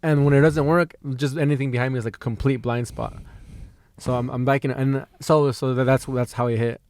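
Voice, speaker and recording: A man's voice: medium pitch, fairly even intonation, fairly quick, darkish tone. A young man telling a casual, rambling story as a podcast guest, swearing freely, laughing, and leaning on "dude" and "like".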